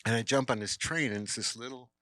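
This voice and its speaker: A man's voice: medium pitch, fast, no echo. Rambling storyteller man, dry sound. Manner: rambling, animated, full of fillers and acted-out quotes. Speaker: guest filmmaker at a Q&A. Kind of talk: casual anecdote telling. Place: cinema Q&A.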